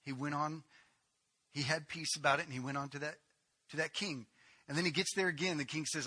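A man preaching a sermon, telling a story with animated storytelling and acting out the quotes as he goes. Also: fairly high pitch, a little fast, slightly rough. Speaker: pastor.

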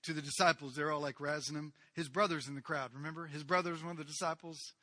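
Bright, animated preaching man. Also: a little high, quick pace, no room sound. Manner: animated, acts out the people in the story. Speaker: pastor. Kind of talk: sermon.

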